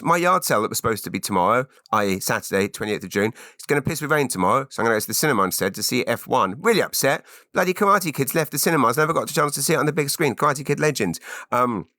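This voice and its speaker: Guy rambling solo on his podcast, lowish voice, bright and dry, goes off on tangents. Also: no room sound. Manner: tangential, jokey, many fillers and restarts. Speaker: podcast host.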